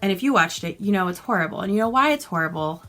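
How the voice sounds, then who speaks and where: A woman's voice: mid-range voice, fast talker, over music. A woman vlogging a casual, exasperated and sarcastic book review from home. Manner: exasperated, sarcastic, animated retelling.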